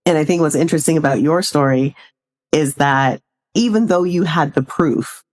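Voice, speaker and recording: A woman guest on a podcast who talks in casual chat, measured and reflective, and laughs easily. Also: low-pitched, a little mellow.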